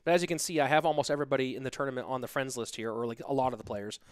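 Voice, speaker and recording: A man's voice: medium pitch, fairly even intonation, racing, clear, resonant tone, no echo, clean studio sound. A man hosting a live stream, rambling and joking casually as he talks straight to his viewers from his home setup. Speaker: stream host and caster.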